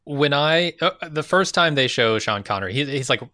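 A man's voice: fairly high pitch, lively intonation, moderate pace, bright, forceful tone, no room sound, clean studio sound. A man co-hosting a casual film discussion, laid-back and amused. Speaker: podcast co-host.

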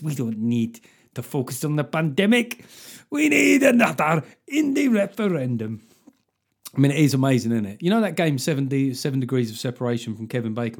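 A man's voice: mid-range voice, darkish tone. A man hosting a podcast, ranting comically with lots of swearing and sardonic asides while reading out listener reviews. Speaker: podcast host.

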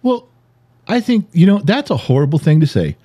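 A middle-aged man with a mellow, dark voice, chatting on a podcast with a playful, mock-hurt edge. His pitch rises and falls a lot as he teases and boasts about himself. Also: big pitch swings, moderate pace, slightly rough. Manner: teasing, mock-offended, self-boasting. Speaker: podcast co-host. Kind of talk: bantering married couple chat.

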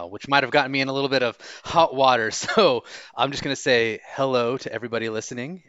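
A man co-hosting a podcast who talks slowly and politely. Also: fairly low pitch, a bit bright, clear, resonant tone, dry recording, muffled recording. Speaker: podcast co-host. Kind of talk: casual podcast chat.

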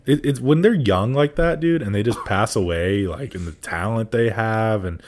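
A man's voice: lowish voice, moderate pace, a little mellow, slight background noise. A young man in casual chat, laid-back, laughing often and swearing freely.

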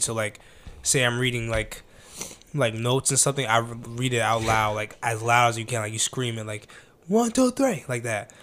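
A young man hosts a casual podcast, chatting in a relaxed, slangy way and laughing often. His voice has medium pitch and a fairly bright tone.

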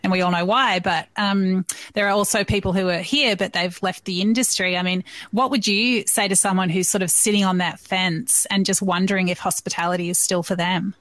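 A woman's voice: medium pitch, steady tone, a little fast, hardly any pauses, a bit bright, dry recording. A woman hosting an interview, friendly and appreciative toward her guest. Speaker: podcast host.

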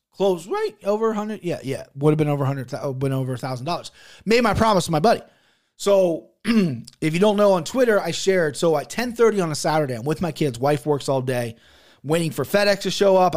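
A young man hosting a sports betting podcast, talking in an animated, profane, rambling way. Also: on the high side. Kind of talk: casual chat.

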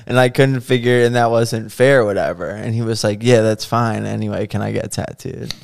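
A man telling a story in casual chat as a podcast guest. He gets animated, laughs as he goes and acts out what people said. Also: on the low side, a little fast, creaky, hardly any pauses, clear, resonant tone.

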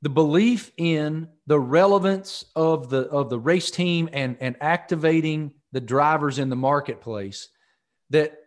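A man's voice: a little high, unhurried. Folksy man hosting. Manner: folksy, explains to listeners. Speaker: podcast host. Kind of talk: casual interview talk.

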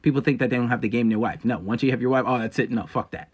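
A man hosts a solo podcast, lecturing his listeners bluntly and with profanity in a casual monologue. He talks very fast in a medium-pitched, steady-toned voice.

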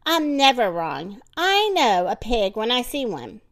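A woman voicing a bossy, stubborn older woman from a storybook who shouts bluntly. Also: on the high side, big pitch swings, measured pace. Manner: loud, blunt, domineering.

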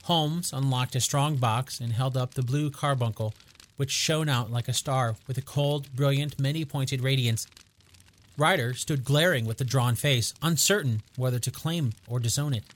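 A man's voice: mid-range voice, normal speed. Man reading a classic story. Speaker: narrator.

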